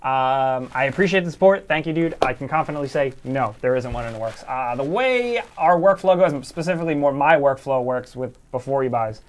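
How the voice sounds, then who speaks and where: A man's voice: medium pitch, lively intonation, fairly quick, few pauses. A man co-hosting a casual gaming livestream, rambling loosely with lots of fillers as he reads out viewer messages. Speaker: co-host of a gaming news stream.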